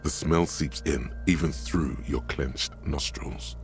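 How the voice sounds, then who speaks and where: An actor voicing a grave male narrator in a video game, describing things slowly and vividly. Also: extremely low pitch, fairly even intonation, over music. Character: ominous male narrator inside the hero's head.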